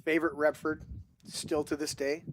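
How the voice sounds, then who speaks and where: Guy hosting a movie chat podcast, kinda high voice, rambles and restarts a lot, slight hiss behind. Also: level tone, moderate pace. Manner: rambling storyteller with many restarts, acts out quotes. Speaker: podcast host. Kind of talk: casual group chat about movies.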